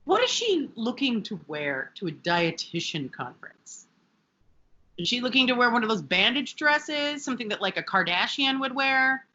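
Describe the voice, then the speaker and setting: A woman's voice: a little high, big pitch swings, normal speed, sharp tone, dull audio. A woman co-hosting a podcast, chatting casually and animatedly about a sitcom episode, with profane asides. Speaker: podcast co-host. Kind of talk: casual recap chat.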